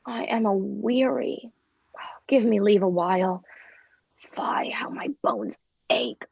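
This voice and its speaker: A woman's voice: mid-range voice, unhurried, gravelly, mellow, no room sound, highs cut off. A woman reading the part of a weary, teasing old nurse in a table read of a play, complaining with groans and whispered asides.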